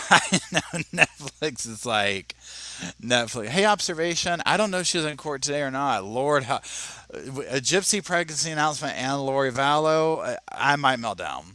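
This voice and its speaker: A man's voice: medium pitch, pushed and bright, dry recording. Chatty man reacting live. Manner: chatty, reads viewer comments aloud, says y'all. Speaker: livestream host reacting to a video. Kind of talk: casual live reaction chat.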